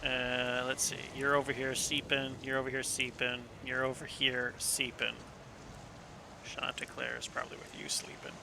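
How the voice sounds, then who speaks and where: A man's voice: medium pitch, completely flat delivery, moderate pace, creaky, background noise. A man narrating as game master for a tabletop game in a loose, casual way, with many fillers and some swearing.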